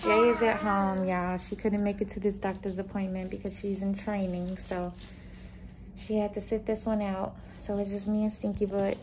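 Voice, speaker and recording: A woman's voice: medium pitch, level tone, normal speed, background noise. A pregnant woman, chatting casually to her viewers as a vlogger, a bit out of breath, calling them y'all. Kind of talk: casual vlog chat to viewers. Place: car, then doctor's office.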